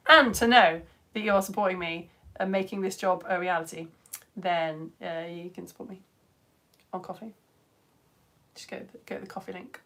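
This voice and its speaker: A woman in her thirties hosting a live children's science stream, chatting bubbly and animated as she reads out viewer comments. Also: mid-range voice.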